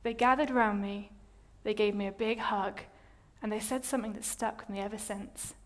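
A young adult woman giving a personal testimony in a sermon, telling her story in an animated, self-mocking way. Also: medium pitch, moderate pace.

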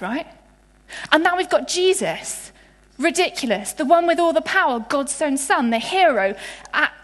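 A young woman from England preaching with a high voice. She talks in a chatty, playful way, full of asides and vivid storytelling. Her voice carries a long echo, as in a large hall. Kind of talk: sermon. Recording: reverberant hall.

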